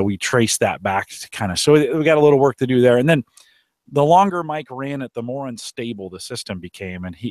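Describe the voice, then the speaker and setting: Man, low voice, podcast host, rambling casual talk, dry close sound. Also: no room sound. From Omaha area, United States. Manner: rambling, restarts often, chatty. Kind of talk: casual live show chat. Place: outdoors on a deck.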